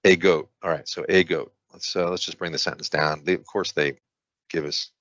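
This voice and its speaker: A man's voice: low-pitched, fairly even intonation, moderate pace, fairly bright tone, muffled recording. A man tutoring through practice test questions, thinking aloud with frequent restarts and fillers. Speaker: SAT prep tutor. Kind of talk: screen-share test walkthrough.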